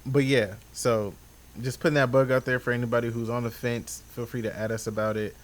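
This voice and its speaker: A man's voice: mid-range voice, brisk. Easygoing man, hesitant podcast chat. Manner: relaxed and hesitant, many ums and restarts. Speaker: podcast co-host. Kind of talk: casual chat.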